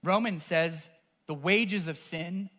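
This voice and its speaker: A man preaching a sermon as pastor. His delivery is intense and moves from hushed to forceful. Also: sits high, slow.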